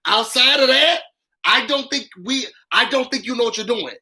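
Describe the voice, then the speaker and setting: A man's voice: very high-pitched, normal speed, pushed and bright, poor audio. A man hosting a casual reality TV recap, talking in a sassy, dramatic, slangy way and repeating lines for emphasis. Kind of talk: casual live recap commentary.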